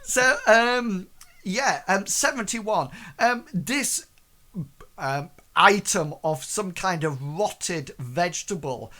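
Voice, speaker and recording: Bright-voiced man running a tabletop game. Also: high-pitched, expressive. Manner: hesitant, many fillers, puts on quick voices for townsfolk. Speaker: game master.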